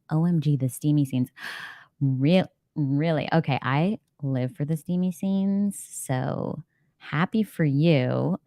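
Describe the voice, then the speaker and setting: Low mellow-voiced woman chatting on a live stream, laughs a lot, dry close sound. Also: no echo. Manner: chatty, reads chat comments aloud, laughs often. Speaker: livestream host. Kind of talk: casual live-chat reading sprint.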